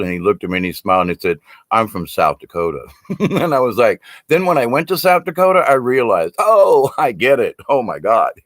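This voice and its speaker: An older man who speaks on shamanism tells casual stories about his teachings, rambling, laughing often and swearing casually. His voice sits in the mid-range, and the recording is dry and studio quality.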